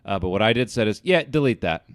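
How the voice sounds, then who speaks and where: A man's voice: lowish voice, lively intonation, fast talker, dry recording, studio quality. A young man hosting a podcast, telling a profane, self-mocking story in casual chat. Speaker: podcast host.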